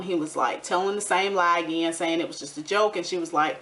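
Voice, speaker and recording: A woman's voice: on the low side, a little fast, hardly any pauses. Sassy chatty woman recapping reality TV. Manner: chatty, sassy, gossipy with animated quoted asides. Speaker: recap vlogger. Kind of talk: casual TV recap commentary.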